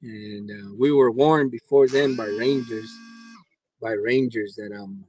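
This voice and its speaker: A man's voice: mid-range voice, unhurried, darkish tone, lo-fi sound, slight background noise. A middle-aged man from the Navajo Nation, a scoutmaster telling his story in a rambling way, with restarts and acted-out quotes. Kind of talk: casual storytelling.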